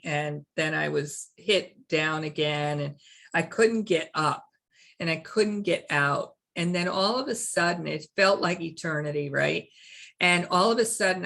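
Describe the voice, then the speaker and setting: A middle-aged woman hosting a spiritual workshop, telling a personal story in a slow, earnest, reflective way over a video call mic. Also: deep voice, creaky, fairly bright tone.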